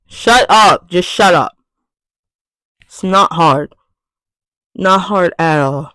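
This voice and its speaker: A vlogger delivering an irritated, profane rant straight to camera. The voice sits at a middling pitch and keeps circling back to the same words for emphasis. The recording is dry and close, with no room sound. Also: slow, pauses often, pushed and bright, dry recording, poor audio. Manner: exasperated, profane, repetitive.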